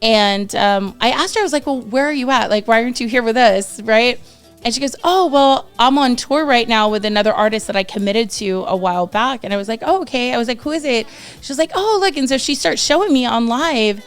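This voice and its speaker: Woman, Texan accent, thirties, singer guest, smooth clear voice, animated storytelling with acted-out quotes, faint music in the background. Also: fairly high pitch, a little fast. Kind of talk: casual storytelling interview.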